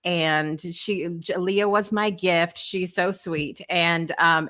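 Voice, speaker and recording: A woman's voice: lowish voice, steady tone, slow, sharp tone. A woman hosting a morning talk show, chatting casually with lots of fillers and frequent laughter. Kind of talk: casual chat.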